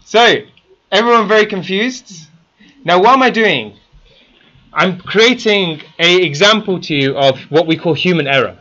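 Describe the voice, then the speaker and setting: Bright-voiced teacher quizzing a class. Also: male voice, on the high side, highs cut off. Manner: quizzes the class with frequent questions. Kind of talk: interactive classroom lesson. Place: classroom with students.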